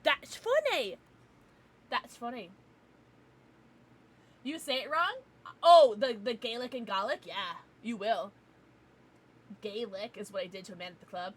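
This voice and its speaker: A woman streamer chatting casually with her live chat, giggly and playful, teasing with sudden loud outbursts. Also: mid-range voice, moderate pace, slightly rough. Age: adult, parent. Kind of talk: casual livestream chat, reading chat.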